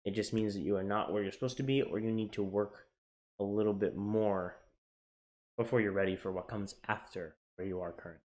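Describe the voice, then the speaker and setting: A man's voice: lowish voice, a little fast. A young man telling his own story on a casual vlog, candid and emotional, swearing now and then and often restarting his sentences. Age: young adult. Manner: candid and emotional, swinging from quiet to excited. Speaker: navy sailor sharing his journey.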